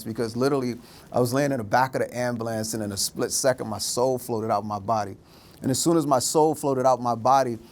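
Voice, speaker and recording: A middle-aged man giving a storytelling talk, acting out the voices of the people in his story. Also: medium pitch. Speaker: speaker.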